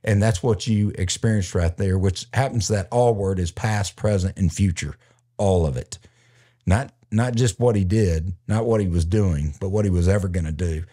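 A man's voice: sits low, normal speed, dark tone, husky. A man hosting a faith podcast, talking in an earnest, preacherly way and quoting scripture. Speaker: podcast host and minister. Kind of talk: preaching commentary in a podcast chat.

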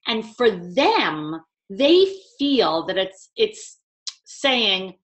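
A woman's voice: on the high side, very animated, a little slow, a bit bright. A woman with a New York accent, a communication trainer speaking emphatically in a webinar conversation.

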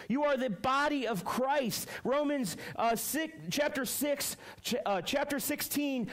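A young man with a notably high voice preaches to middle schoolers. He tells stories in an animated, rambling way, full of fillers, and then moves into plain Bible teaching. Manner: animated storytelling, many fillers. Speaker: youth pastor. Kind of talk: youth sermon with personal story.

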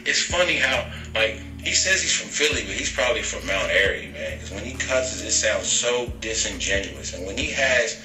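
A man's voice: medium pitch, expressive, normal speed, hardly any pauses. A man on a podcast clip, speaking in a dismissive, mocking way about others. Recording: echoey room with faint music.

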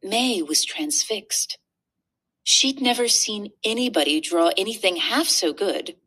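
A woman narrating a children's book aloud. Her reading is expressive and animated, with a lively, wide-ranging pitch. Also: slow pace, breathy edge. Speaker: reader. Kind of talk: storybook narration.

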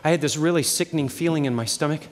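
Man from Oregon doing a one-man comedy show, high voice, frantic delivery, long theater reverb. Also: very fast. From Oregon, USA. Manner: animated, frantic storytelling. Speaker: solo stage performer. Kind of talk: comic one-man stage monologue. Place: live theater with audience.

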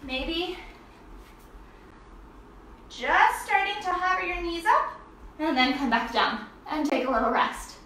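High, bright woman coaching kids through yoga. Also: lively intonation, takes it slowly, long pauses, distant mic, slight background noise. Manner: sing-song, makes animal sounds and cheers. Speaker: kids' yoga teacher. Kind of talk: playful instruction for children. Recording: echoey room, voice from off-mic.

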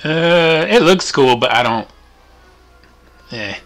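A man's voice: on the high side, animated, slow, fairly bright tone, soft background music. A man hosting his gaming channel, talking casually over gameplay and rambling with lots of fillers and trailing thoughts. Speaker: channel host.

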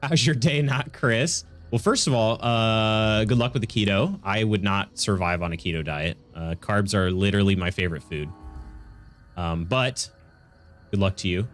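A man's voice: on the low side, normal speed, faint music behind. A man streaming a video game, congested with a stuffy nose, chatting casually and laughing with his viewers. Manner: chatty, reacts to chat, laughs often. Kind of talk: casual gaming stream chat.

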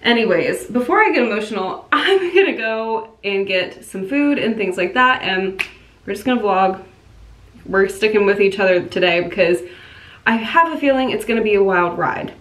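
A woman's voice: mid-range voice, expressive, moderate pace, fairly bright tone. A young woman in her twenties chatting in a casual vlog, bubbly and gushing, with lots of "like" fillers, filmed on a phone at home, in a car and in stores. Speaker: vlogger.

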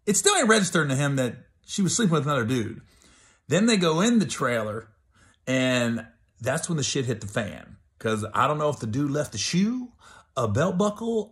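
Chatty middle-aged comedian telling a story. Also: male voice, a little high. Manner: loose, chatty, laughing between bits. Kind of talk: comic storytelling.

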